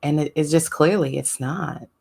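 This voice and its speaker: A woman's voice: deep voice, normal speed, vocal fry, darkish tone, husky. A woman co-hosting a livestream, reacting with blunt, exasperated remarks. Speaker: livestream co-host. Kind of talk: casual reaction commentary.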